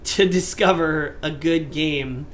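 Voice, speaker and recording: A man's voice: fairly high pitch, slow pace. A man co-hosting a casual gaming podcast, talking in a playful, teasing way and drawing words out for emphasis. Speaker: podcast co-host. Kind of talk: casual chat.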